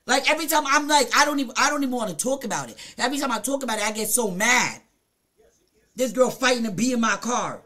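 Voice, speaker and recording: Fired-up streamer girl, bright sharp voice, cussing out her chat mid-story. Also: on the high side, animated, fast. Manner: profane, heated, confrontational with chat. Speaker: Twitch streamer.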